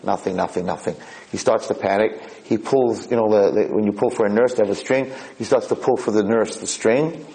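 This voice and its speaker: A male lecturer with a lowish voice tells a story in a sermon. He talks in an animated way and swings between loud and soft, and he repeats and restarts often. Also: brisk, hardly any pauses, low-quality recording. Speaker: Jewish lecturer.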